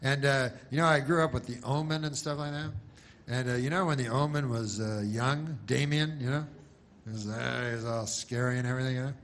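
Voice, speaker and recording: Brief: male stand-up comic, dry deadpan delivery, meandering and hesitant. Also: mid-range voice, a little fast, slight background noise. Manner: deadpan, rambling, full of restarts. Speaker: stand-up comedian. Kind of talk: stand-up comedy.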